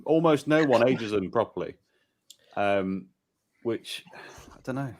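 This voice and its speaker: A man's voice: mid-range voice, expressive, a little slow, darkish tone. A man chatting casually over beers, giving firm opinions on lager as a regular co-host. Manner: opinionated, holds forth on beer.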